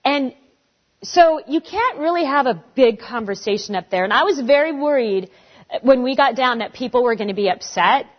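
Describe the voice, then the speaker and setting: A woman in her forties answering audience questions in a casual, animated way, acting out the voices of people she quotes. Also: high-pitched, moderate pace. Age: 40s. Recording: dull lo-fi recording.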